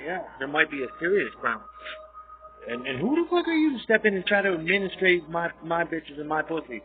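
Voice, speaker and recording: A man rants in a rambling, profane and combative way, his voice sitting a little high. The sound is thin and tinny, like audio sent over a phone line. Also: very animated, a little fast, soft background music. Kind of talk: ranting monologue.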